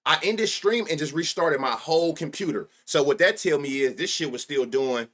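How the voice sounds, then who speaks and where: A man hosting a sports betting livestream, chatting casually with loud excitable outbursts and heavy slang. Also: on the high side, normal speed. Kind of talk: casual live-stream chat.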